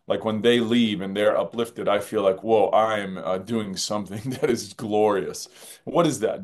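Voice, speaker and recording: A man, a film director as guest, talks in a reflective interview, earnest and musing, often repeating phrases. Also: on the low side.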